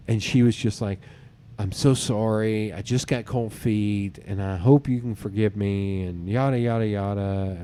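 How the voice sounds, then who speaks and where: A man hosting a podcast, telling personal dating stories in casual chat, acting out what others said and swearing casually. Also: fairly low pitch. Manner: animated storyteller who acts out others' lines, swears casually. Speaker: podcast host.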